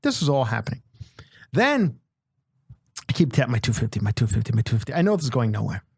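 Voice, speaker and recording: A man's voice: mid-range voice, very animated, quick pace, gravelly, darkish tone, breathy edge, dry recording, studio quality. A man hosting a podcast, telling a long comic story in a casual, profane way and acting out the people in it. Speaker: podcast host.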